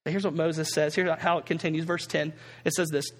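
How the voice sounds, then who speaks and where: A man's voice: a little high, brisk, a bit bright, in a large hall. A male pastor preaching a sermon in a conversational, humorous way, reading scripture and joking with the congregation.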